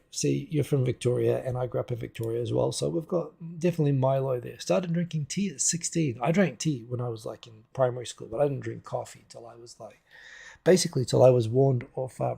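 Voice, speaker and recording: A man's voice: medium pitch, fairly quick, creaky, mellow, slightly rough. A man from New Zealand hosting a casual livestream at home on a desk microphone, chatting loosely and answering viewer comments as they come in. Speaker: livestream host. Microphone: desk USB microphone.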